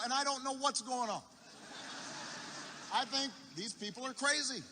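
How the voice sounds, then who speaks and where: Man, rally speaker, high bright tone, storytelling with deliberate repetition, long arena reverb. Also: a little hiss or hum. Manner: unhurried anecdote with repetition for effect and halting restarts. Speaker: political speaker at a campaign rally. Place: large university arena.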